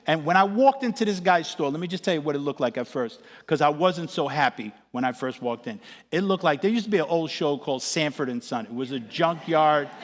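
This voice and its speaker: Animated preacher man in an echoey hall. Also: a little high, brisk. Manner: animated, comic storytelling, acts out voices. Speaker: pastor. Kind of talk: sermon with personal storytelling.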